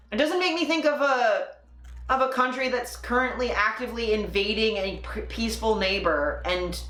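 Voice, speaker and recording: A woman's voice: mid-range voice, a bit bright, roomy sound. Angry, sarcastic woman streamer. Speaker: political livestream host. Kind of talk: casual political commentary.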